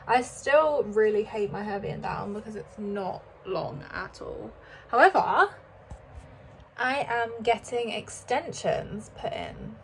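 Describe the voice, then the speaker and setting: A woman's voice: medium pitch, a little hiss or hum, poor audio. A woman in her twenties, rambling and swearing freely as she chats to camera while getting ready at a mirror at home. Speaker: beauty vlogger. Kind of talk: casual chat to camera.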